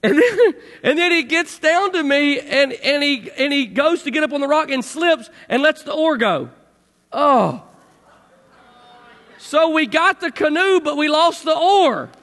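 A middle-aged man with a strikingly high voice tells a story to an audience, lively and full of acted-out sound effects. His voice rings with the long reverb of a large hall. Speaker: speaker telling a personal story.

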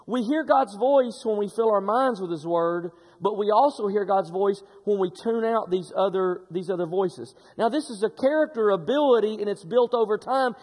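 A middle-aged man preaching a sermon, telling stories in an animated way with frequent restarts. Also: sits high, big-room sound. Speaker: pastor.

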